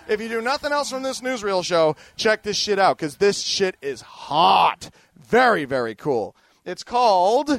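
A high-pitched male voice with no room sound belongs to a middle-aged daily news host. Angry and emphatic, he swears his way through stories and product plugs in a ranting commentary.

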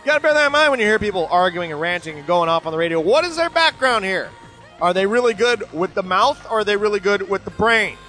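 At a quick pace, a middle-aged man hosts a show and answers emails from listeners, with faint music behind him on a rough recording. He jokes and rambles in a casual, sarcastic way, animated and prone to sudden pitch jumps.

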